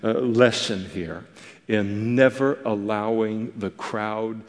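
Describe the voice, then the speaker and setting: A man teaching a Bible passage in a conversational, animated way, often pausing on fillers and restarting his phrases. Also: on the low side, big-room sound.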